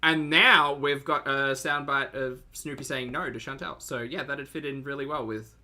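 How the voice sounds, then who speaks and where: A woman's voice: a bass voice, fairly even intonation, moderate pace, sharp tone. A woman streaming live, reacting to videos with sarcastic, teasing commentary and thanking her chat.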